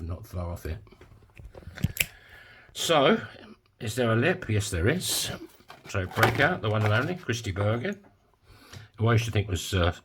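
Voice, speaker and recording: A man's voice: deep voice, background noise. A man talking casually while making a coin ring in his workshop, full of joking, rambling asides. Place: home workshop.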